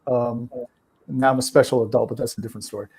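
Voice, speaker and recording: A man's voice: medium pitch, steady tone, quick pace, vocal fry, darkish tone, slightly rough. A middle-aged man with a New Jersey accent, a trainer guest telling easygoing, joking stories in a casual chat.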